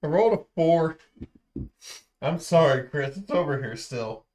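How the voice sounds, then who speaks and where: A man's voice: on the high side, expressive, a little slow. A young man on a casual stream, bluntly grumbling about what he tastes. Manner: blunt, grumbling, loud complaints. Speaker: streamer co-host.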